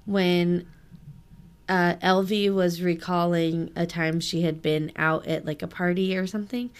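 A woman's voice: lowish voice, steady tone, a little slow, clean tone. A young woman co-hosting a casual book podcast, laid-back, swearing casually and reading quotes aloud. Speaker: podcast co-host.

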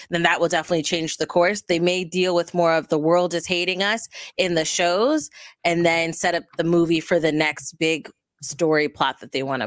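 A woman's voice: lowish voice, no room sound, studio quality. Chatty woman hosting a movie podcast. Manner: animated, chatty, quick asides. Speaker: podcast host. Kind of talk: casual movie review chat.

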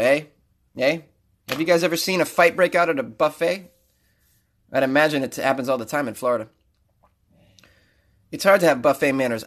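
A man hosting a comedic news talk show, mocking stories with loud rants and frequent laughter. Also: medium pitch. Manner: ranting, mocking, rising to loud outbursts; laughs often while talking. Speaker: podcast host reading news.

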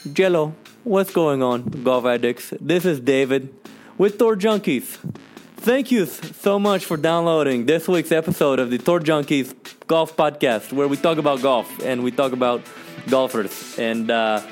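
A man's voice: on the high side, faint music behind, natural voice. A man putting on a hammy mock-Spanish host. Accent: put-on Spanish. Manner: playful, deliberately broken phrasing. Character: hammy male podcast host faking a Spanish accent.

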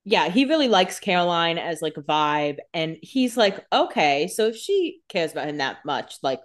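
Low-pitched woman co-host, casual and chatty, reacting to the scenes. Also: sing-song, moderate pace. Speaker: podcast co-host. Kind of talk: casual recap chat.

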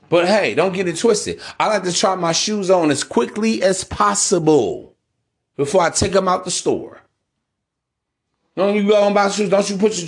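Preachy man talking slang. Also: high voice. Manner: preachy, street slang, repeats "man" and "bro". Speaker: podcast host. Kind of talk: casual monologue.

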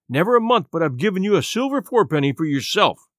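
A man reading an audiobook, voicing a drunken, feeble old sea captain who pleads in rough sailor's dialect. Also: high-pitched, sing-song, fast talker, fairly bright tone, no echo, studio quality. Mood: pleading. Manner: rough seafaring dialect, wheedling.

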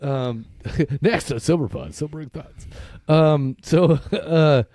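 A man's voice: fairly high pitch, takes it slowly, warm tone, no room sound, studio quality. A man co-hosting a casual recovery podcast, rambling and swearing freely, often breaking into laughter. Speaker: podcast co-host.

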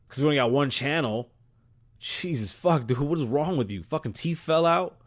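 A man's voice: on the high side, lively intonation, normal speed. A man hosting a podcast, ranting with heavy profanity and switching between English and Spanish. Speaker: podcast host. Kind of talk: solo podcast rant.

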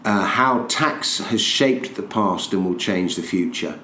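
Brief: male guest, low-ish voice, relaxed chat, echoey room. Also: slow pace. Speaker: podcast guest. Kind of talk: casual interview. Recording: roomy echo.

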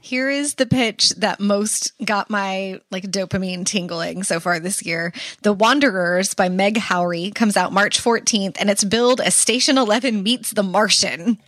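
A woman co-hosting a podcast, pitching upcoming books with upbeat energy and dry wit. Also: a little slow, few pauses, a bit bright, no room sound. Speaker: podcast co-host. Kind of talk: casual book chat.

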